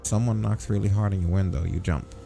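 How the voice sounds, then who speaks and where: Gravelly, dark-voiced man reading a game. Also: deep voice, steady tone, fairly quick, faint music behind. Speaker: let's play host. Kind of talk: reading game text aloud in a let's play.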